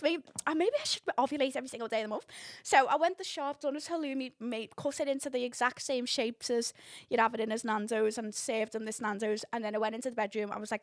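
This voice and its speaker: A young woman, hosting a podcast and telling a story in casual chat, full of swearing and loud laughter. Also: a little high, no room sound, studio quality. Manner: chatty, swearing, laughs loudly at own story. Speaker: podcast host.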